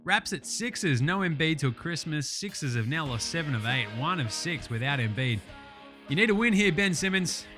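A young Australian man runs through last night's basketball in a loose, joking podcast style, dropping swears and fillers as he goes. His voice is bright and forceful and sits a little high for a man. Faint music plays underneath. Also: lively intonation, moderate pace, few pauses. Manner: profane, jokey and enthusiastic, with many fillers. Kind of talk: casual sports recap podcast.

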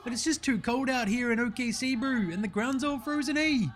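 A man's voice: very high-pitched, fairly quick, a bit bright, pitched above the performer's own voice. A man voicing a laid-back young New Zealand basketball player with a drawling New Zealand accent who says bro and eh constantly. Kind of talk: comedy sketch.

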